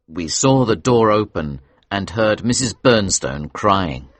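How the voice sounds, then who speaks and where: A man reading a story aloud for English learners, slow, clear and expressive. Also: fairly low pitch, dry recording.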